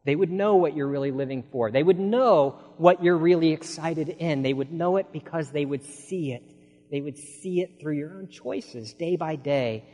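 A man preaching a sermon, asking the congregation rhetorical questions and swinging from hushed lines to loud, urgent ones. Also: a little high, moderate pace. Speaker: pastor. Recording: long hall reverb.

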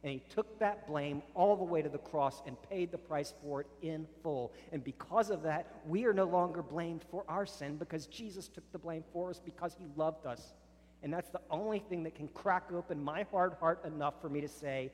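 A man preaching a sermon as a pastor, earnest, dropping soft on solemn lines. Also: fairly high pitch, moderate pace, in a large hall. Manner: earnest preaching, drops soft on solemn lines, rises sharply in acted arguments.

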